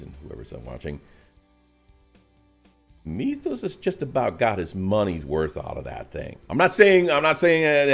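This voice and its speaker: A man co-hosting a casual hobby podcast, joking and rambling, often trailing off into a mutter. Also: medium pitch. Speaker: co-host.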